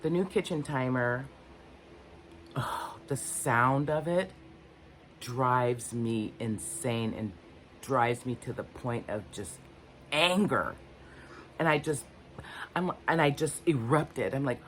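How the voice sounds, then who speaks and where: Older woman, low voice, unscripted self-reflective vlog talk, meandering and frank. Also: animated, takes it slowly, pauses often, fairly bright tone, a little hiss or hum. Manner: candid, rambling, searching for words. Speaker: vlogger. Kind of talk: unscripted personal talk to camera.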